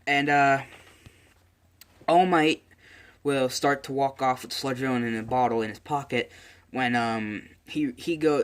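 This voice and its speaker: A man's voice: medium pitch, unhurried, clear, resonant tone. A man casually narrating a fan story, rambling with lots of fillers and self-corrections. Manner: rambling, many fillers and restarts. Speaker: channel host.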